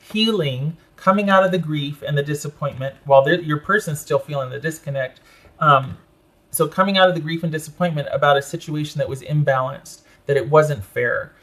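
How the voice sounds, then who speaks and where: Male tarot reader, slightly raised pitch, emphatic and protective, repeats key phrases. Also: a bit bright. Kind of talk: tarot reading to camera.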